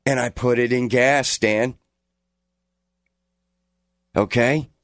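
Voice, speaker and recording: A man's voice: medium pitch, fairly even intonation, slow pace, fairly bright tone, no echo, clean studio sound. Defensive, rambling radio guy. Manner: defensive, rambling, says "man" and "bro" a lot. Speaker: radio show regular. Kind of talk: casual on-air banter.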